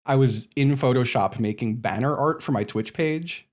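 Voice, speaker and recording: Man, podcast guest, easygoing, chatty, mid-pitched. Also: normal speed, darkish tone. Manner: easygoing, laughs often. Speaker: guest, streamer. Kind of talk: casual chat.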